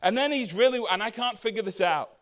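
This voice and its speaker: A man's voice: high-pitched, fairly bright tone. A man preaching a conversational sermon as pastor, asking the congregation rhetorical questions and acting out the Bible characters' words. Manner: acts out the Bible characters' words in quick voices.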